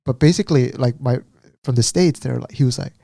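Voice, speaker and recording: A man co-hosting a podcast, chatting casually and telling a story with lively acted-out quotes. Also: medium pitch, brisk, gravelly, dry recording. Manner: animated storyteller, acts out quotes. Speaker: podcast co-host. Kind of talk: casual chat.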